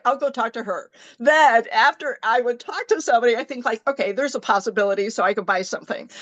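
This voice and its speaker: High-voiced, animated woman team leader. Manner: animated, acts out her own inner thoughts. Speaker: team leader in direct sales. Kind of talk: motivational team talk.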